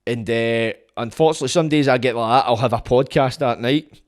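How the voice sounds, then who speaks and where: A man's voice: mid-range voice, brisk, no echo, clean studio sound. A Scottish man hosting a podcast, rambling and swearing in a casual monologue into his phone. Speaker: podcast host.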